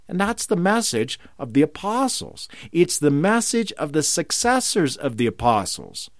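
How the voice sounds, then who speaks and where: A man preaching with a mid-range voice that swings widely in pitch. He lifts quoted scripture into ringing emphasis. The sound is dry and close, with no room around it. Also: dry recording. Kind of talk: sermon.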